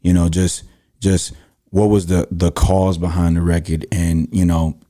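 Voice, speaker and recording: Male podcast host, very low dark voice, thoughtful questions. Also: little pitch movement, a little slow. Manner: thoughtful, storytelling with restarts. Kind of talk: casual interview chat.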